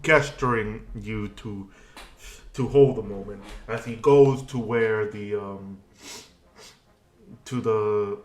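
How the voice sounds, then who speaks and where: A man narrating a tabletop game as game master, halting and full of restarts, recorded in an echoey room. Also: fairly low pitch, fairly bright tone.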